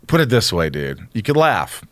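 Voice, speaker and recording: Low-voiced man telling a story. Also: normal speed, no room sound. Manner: animated, acts out dialogue, swears a lot. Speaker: podcast guest. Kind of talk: casual storytelling chat.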